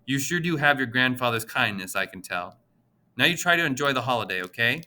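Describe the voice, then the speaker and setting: Brisk and sharp-toned, a man's mid-range voice with lively intonation brings to life an audiobook's small, older male pharmacist, nasal and chatty with a friendly, gossipy way of talking.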